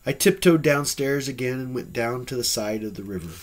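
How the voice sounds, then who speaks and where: A man with a husky voice reading an audiobook in an expressive, varied storytelling manner. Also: medium pitch, brisk. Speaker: audiobook reader. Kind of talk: audiobook narration.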